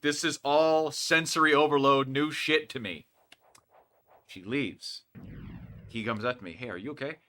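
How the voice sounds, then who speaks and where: This co-host's voice sits on the high side, and he speaks unhurriedly with long pauses. He tells a casual work story as he plays a game, animatedly impersonating the people involved.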